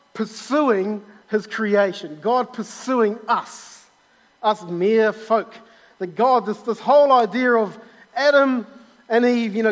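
An eager male preacher delivers a sermon, often repeating himself and restarting his phrases. His voice sits high for a man. The sound rings with the long reverb of a church auditorium. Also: a bit bright.

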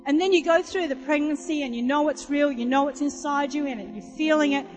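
A woman preaching a sermon, telling a personal story in an animated way and acting out other people's voices. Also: sits high, brisk. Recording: live sermon in a reverberant hall with music behind.

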